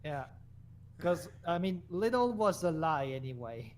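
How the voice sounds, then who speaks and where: A man guesting on a stream, chatting casually and giggling between unhurried remarks. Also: fairly high pitch, sing-song, a little mellow. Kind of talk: casual chat.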